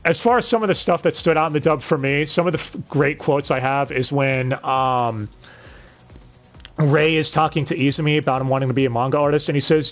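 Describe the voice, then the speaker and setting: A man's voice: a little high, a little fast, fairly bright tone, soft background music. A man hosting a casual podcast review, blunt and swearing, with sudden bursts of disbelieving exclamation. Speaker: podcast host reviewing an anime dub.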